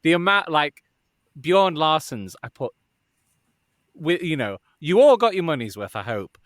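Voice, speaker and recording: A man's voice: a little high, sing-song, a little slow, a bit bright, no room sound, studio quality. A man, an audiobook narrator, chatting casually on a podcast in a self-deprecating, easily laughing way.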